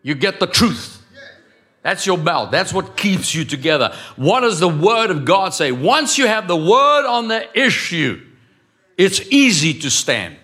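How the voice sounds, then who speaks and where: A male pastor delivers a sermon with a bright, forceful voice sitting a little high for a man. He preaches with energy and acts out the dialogue as he goes. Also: a little slow. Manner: lively preaching, acting out dialogue and quotes.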